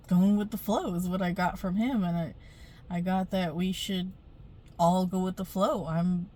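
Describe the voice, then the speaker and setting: A woman's voice: mid-range voice, mellow. Middle-aged lady rambling into her phone, chatty storytime vlog, lots of ums. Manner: rambling, chatty, laughs often, many fillers. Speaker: spiritual vlogger. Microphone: phone camera.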